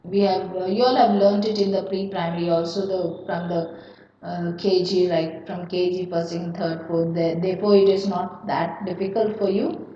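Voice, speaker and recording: A woman with an Indian English accent teaching a grammar lesson, repeating each word pair slowly and telling students to be careful. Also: lowish voice, fairly even intonation. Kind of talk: classroom grammar lecture. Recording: echoey room, distant mic, dull lo-fi sound.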